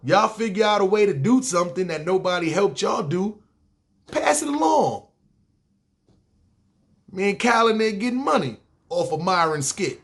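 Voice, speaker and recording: This Harlem-born podcast host has a high voice and talks fairly quickly in a New York accent. He tells a story from his own life using casual street slang laced with profanity.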